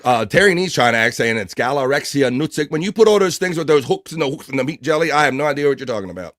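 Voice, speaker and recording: A man hosting a casual livestream, quickly reading out viewer names, shout-outs and chat messages. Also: mid-range voice, lively intonation. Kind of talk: casual live show chatter.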